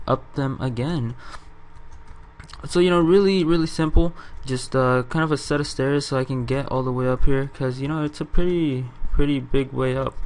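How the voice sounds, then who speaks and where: A young man in casual game commentary, giving a walkthrough of his build and rambling, self-correcting and swearing now and then. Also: medium pitch. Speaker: gaming channel host.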